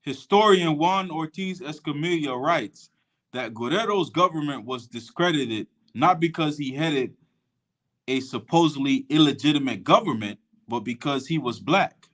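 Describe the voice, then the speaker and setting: A man reading a history text aloud and stopping to comment on it, slowing down and stumbling over foreign names. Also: fairly high pitch, animated, fairly bright tone.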